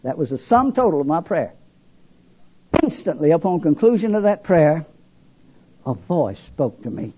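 Older guy preaching his testimony, husky and high, all over the place with his pitch, dull old recording. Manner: dramatic, swinging between loud emphasis and hushed lows. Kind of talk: sermon testimony.

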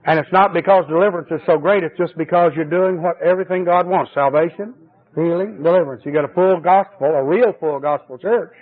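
A man preaching a fervent sermon at a church service, his voice swinging between high exclamations and low, confiding asides. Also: brisk, slightly rough. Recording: tinny old cassette tape recording.

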